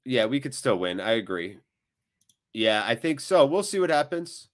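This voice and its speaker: Male watchalong host, mid-pitched, casual running commentary with sudden excited yelps. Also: moderate pace. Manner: chatty, reacts loudly to big moments. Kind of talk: live match commentary and chat reading.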